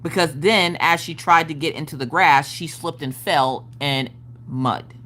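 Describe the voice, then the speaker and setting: A woman's voice: deep voice, unhurried, fairly bright tone. A woman hosting a craft live stream, telling a story in a casual, exaggerated way and swearing freely. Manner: acts out family members' voices.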